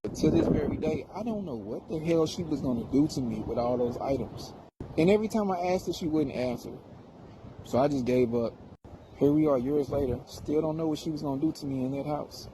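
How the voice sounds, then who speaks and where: A middle-aged man telling a story in a casual monologue, animated, wry and full of swearing. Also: on the high side, brisk, background noise.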